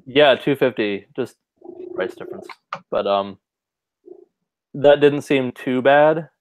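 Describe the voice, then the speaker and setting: A man's voice: mid-range voice, takes it slowly, no echo, low-quality recording. Laid-back guy chatting online, easy laugh, dead dry mic. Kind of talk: casual chat. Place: online video call.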